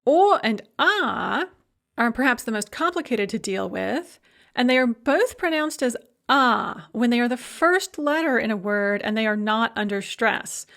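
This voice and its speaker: A woman with a slightly high voice delivers a recorded lecture. She explains each rule methodically and then says the example words slowly and distinctly. Her tone stays patient and instructional throughout. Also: lively intonation, fairly bright tone. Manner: clear, methodical, models each word aloud. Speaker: language instructor.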